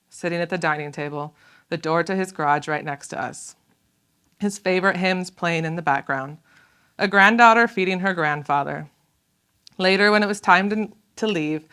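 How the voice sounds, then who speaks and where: A woman scientist gives a public lecture and reads from her own book, in a fairly low voice. She speaks in a measured, earnest way, pausing to think between phrases. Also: fairly bright tone, clean tone. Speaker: author and scientist giving a talk.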